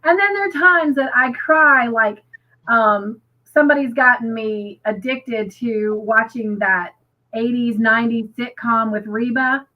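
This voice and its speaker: A woman's voice: on the high side, a little slow. Chatty woman on a muffled livestream. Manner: chatty and emotional, many "you know" fillers. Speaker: co-host of a crafting livestream. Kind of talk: casual chat, reading viewer comments. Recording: muffled lo-fi stream audio.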